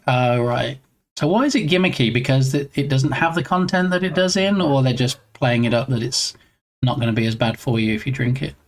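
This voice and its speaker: Joking, rambling game dev streamer guy. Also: mid-range voice. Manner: rambling, joking, playful banter. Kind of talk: casual live-stream chat, reading chat. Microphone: own desk mic.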